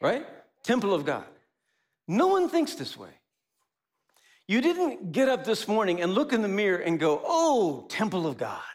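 Animated male preacher with lively pitch. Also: normal speed, pauses often. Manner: animated, rhetorical questions and mock dialogues. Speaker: pastor. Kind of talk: sermon.

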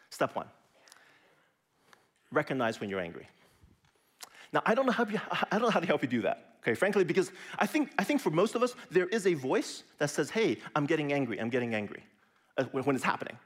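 A middle-aged man preaching a sermon in a conversational way, often dropping to a soft, near-whispered voice for emphasis. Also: fairly high pitch, brisk, pauses often, husky. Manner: lively, conversational preaching with sudden soft drops. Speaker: pastor.

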